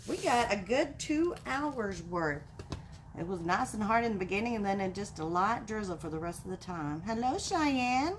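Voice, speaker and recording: Bubbly slow-talking woman craft host. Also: a little high, animated, a little hiss or hum. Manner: bubbly, greets viewers by name with little cheers. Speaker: craft live-stream host. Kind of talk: chatty live-stream greetings.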